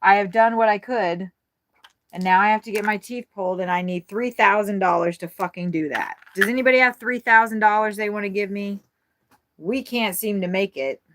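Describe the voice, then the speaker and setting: A woman talking on a casual livestream from inside her RV. She is frazzled and overwhelmed, swears freely and talks in quick, jumbled bursts with a mid-range voice. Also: mid-range voice, a bit bright.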